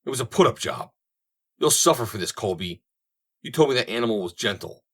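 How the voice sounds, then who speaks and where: A man's voice: medium pitch, animated, brisk. A man doing a pompous, sputtering city dandy. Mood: indignant. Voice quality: indignant, sputtering.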